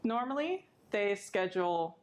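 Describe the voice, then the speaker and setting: A woman's voice: mid-range voice, very animated, unhurried. Woman librarian teaching sign language. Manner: friendly, clear step-by-step explaining. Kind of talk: instructional video lesson.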